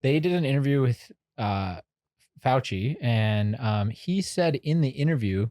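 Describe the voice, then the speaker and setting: A man co-hosting a podcast, throwing in jokey quick questions during casual chat. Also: mid-range voice, expressive, a little mellow. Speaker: podcast co-host.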